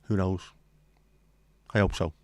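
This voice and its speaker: A man's voice: low-pitched, steady tone, measured pace, a little mellow, no echo. A man hosting a casual livestream chat, chatty and sweary with self-deprecating humour. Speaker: livestream host.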